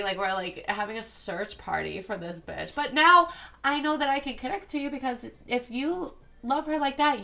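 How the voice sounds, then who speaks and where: A woman's voice: a little high, pushed and bright. A young woman hosting a solo podcast, talking candidly and rambling, swearing often. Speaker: podcast host. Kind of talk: casual solo podcast chat.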